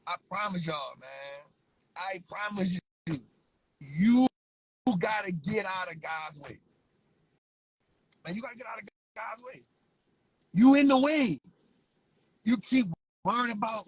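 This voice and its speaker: A man's voice: sits high, measured pace, long pauses, rough recording. A man, giving fervent, repetitive motivational preaching to his viewers. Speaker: vlogger.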